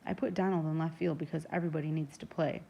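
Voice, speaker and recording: A woman narrating a first-person novel in a steady, even storytelling manner. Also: low-pitched, fast talker, creaky. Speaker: audiobook narrator.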